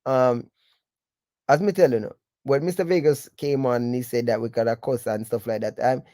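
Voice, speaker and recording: Mellow-voiced Jamaican man hosting. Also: medium pitch, steady tone, normal speed, dry recording. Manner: reflective, rambling with patois tags. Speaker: host. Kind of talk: live-stream commentary.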